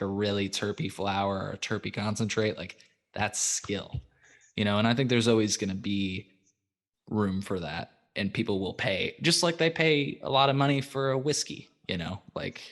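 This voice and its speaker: A man's voice: lowish voice, a bit bright. A man hosting a podcast in casual chat, laid-back, swearing freely and filling with "um" and "like". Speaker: podcast host.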